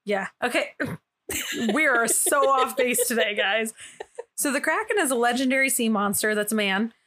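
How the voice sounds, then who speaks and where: A woman's voice: on the high side, normal speed, a bit bright. A woman co-hosting a podcast in casual chat, joking and giggling as she argues her point. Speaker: podcast co-host.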